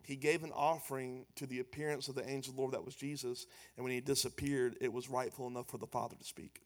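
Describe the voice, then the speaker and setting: Delivering a sermon as pastor, a man speaks fast in a mid-range voice. His manner moves from animated, loud emphasis to quieter, conversational talk.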